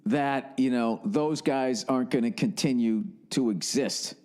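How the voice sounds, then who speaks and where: A man with an unhurried, medium-pitched, slightly mellow voice hosts a podcast solo. He delivers a rambling comic monologue packed with sarcasm, swearing and tangents.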